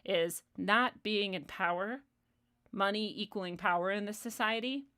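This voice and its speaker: A young woman talks straight to her stream audience in a heated, swearing rant. Her voice sits at a middle pitch, and she turns sarcastic between bursts of anger. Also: moderate pace, pushed and bright, smooth. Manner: profane, heated ranting with sarcastic asides. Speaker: livestream host. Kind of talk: casual commentary monologue.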